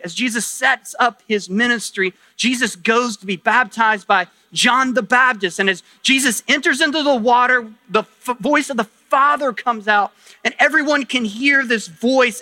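A man's voice: very high voice, sharp tone, no room sound. A male pastor preaching a sermon, emphatic, with rhetorical questions and repeated phrases. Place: church sanctuary.

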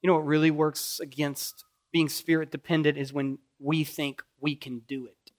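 A middle-aged man with a Kentucky accent preaching a sermon, rising loud when pleading and dropping soft and low in prayer. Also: level tone, moderate pace. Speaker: pastor.

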